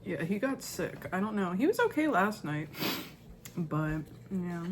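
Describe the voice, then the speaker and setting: A woman's voice: on the low side, big pitch swings, a little slow, a little hiss or hum. Rambling mother chatting in a home vlog. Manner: rambling, filler-heavy, self-correcting. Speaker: vlogger, mother. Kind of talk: casual vlog chat.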